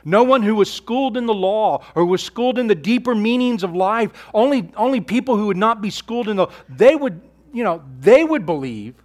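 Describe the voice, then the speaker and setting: A man preaching a sermon, earnest and conversational, asking rhetorical questions and sometimes dropping his voice low for emphasis. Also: expressive, a little fast, few pauses. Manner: earnest preaching, rhetorical questions, drops to near-whisper on key lines. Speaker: pastor.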